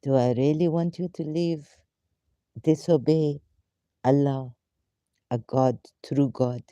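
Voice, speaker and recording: A woman hosting a casual live question-and-answer session, talking in halting, rambling, broken English with frequent fillers, and sometimes talking to herself. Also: low voice, steady tone, dark tone, no room sound, muffled recording. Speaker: live Q&A host.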